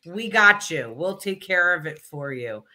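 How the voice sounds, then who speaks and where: Peppy lady from new york cohosting a live stream, bright voice, lots of shout-outs. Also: lowish voice, lively intonation, measured pace. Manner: upbeat, enthusiastic, gives shout-outs. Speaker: co-host, chapter president. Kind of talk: casual livestream chat.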